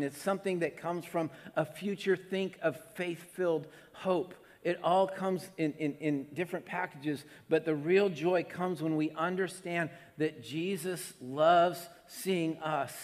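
A man preaching a sermon in a fairly high voice, moving between animated emphasis and soft, hushed passages. His words ring out with a long reverb, as in a large hall. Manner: animated preaching, acts out Jesus's delighted voice, drops to soft hushed tones. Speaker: pastor.

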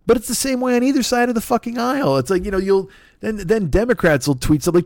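Host, male, heated profane comedic rant, lively pitch, dry close sound. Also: quick pace, no echo.

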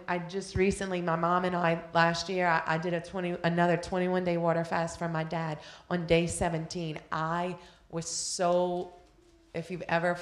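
A woman's voice: on the low side, roomy sound. A woman preaching a sermon, telling a personal story with passion and drawing out her phrases. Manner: impassioned storytelling, drawn-out phrases.

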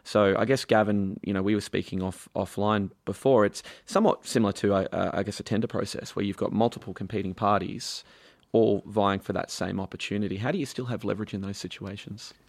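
Low gravelly guy hosting a biz panel, dry mic, asks long questions. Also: fairly even intonation, brisk, no echo. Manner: reflective, posing long questions. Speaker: panel host. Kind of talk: business discussion.

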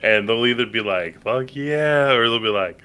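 A man in casual movie chat, relaxed and dry, filling in plot details. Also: lowish voice, a little fast, clean tone. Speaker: podcast co-host.

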